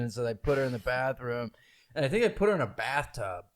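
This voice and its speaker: A young man hosts a casual podcast chat in a medium-pitched, expressive voice, speaking a little fast. He laughs his way through stories and acts out the voices of the people he quotes.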